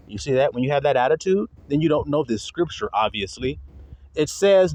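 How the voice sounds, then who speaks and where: A fiery, profane male preacher with a lively voice that leaps from low, gruff asides to high, mocking squeals. He reads scripture slowly and deliberately in a fairly high voice, captured close and dry with almost no room sound. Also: no echo. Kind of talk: fiery sermon with scripture reading.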